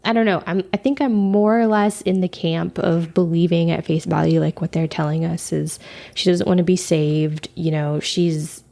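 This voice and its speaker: A woman co-hosting a podcast in easy, chatty talk, full of fillers and light laughter. Her voice sits low with a gravelly fry and a mellow, dark tone. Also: steady tone, normal speed. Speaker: podcast co-host. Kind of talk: casual chat.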